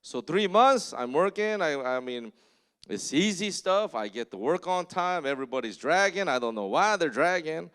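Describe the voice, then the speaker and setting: A man's voice: fairly high pitch, sing-song, normal speed, a bit bright, clean tone. A man preaching a conversational sermon as pastor, telling stories and bluntly exhorting the congregation, often checking in with them.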